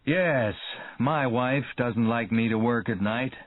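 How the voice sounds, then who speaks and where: A man's voice: medium pitch, slow, no room sound. A man voicing a worried police chief who asks plain, uneasy questions. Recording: tinny phone-like dry sound.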